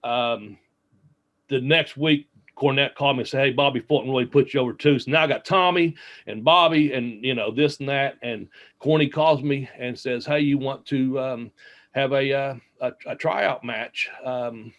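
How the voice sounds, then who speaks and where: A man's voice: mid-range voice, moderate pace, a bit bright. A man, a former wrestler, casually telling long anecdotes with lots of fillers and acted-out quotes in an interview. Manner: rambling anecdotes with many fillers and quoted dialogue. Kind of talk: casual storytelling.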